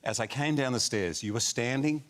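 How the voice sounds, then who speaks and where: A man, a talk show guest telling an animated backstage anecdote. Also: medium pitch, moderate pace. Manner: animated storyteller. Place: TV studio with audience. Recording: studio audience noise.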